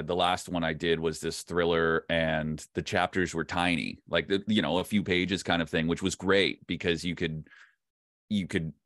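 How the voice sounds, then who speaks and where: A man's voice: sits low, a bit bright, dry recording, clean studio sound. A Canadian man, a voice actor, chatting casually in an interview, laughing often and trailing off mid-sentence. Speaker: voice actor guest.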